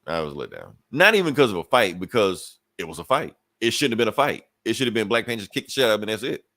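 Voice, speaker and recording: A man's voice: on the low side, sing-song, fast, fairly bright tone, no echo, clean studio sound. A man co-hosting a podcast, casually retelling a comic book story and acting out the characters' lines with cursing. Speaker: podcast co-host.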